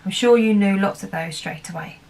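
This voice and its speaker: A primary school teacher with an English accent teaches young children a phonics lesson, encouraging them and chanting sounds in a sing-song way. Her voice is medium-pitched, a little mellow and fairly quick, with some vocal fry.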